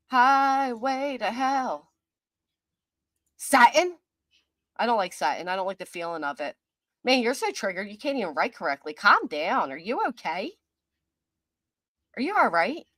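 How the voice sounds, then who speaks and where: A middle-aged woman hosting a livestream, reading viewer comments aloud and answering them in a mocking, defiant way, quick to laugh. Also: mid-range voice, big pitch swings, pushed and bright, dry recording. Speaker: commentary channel host.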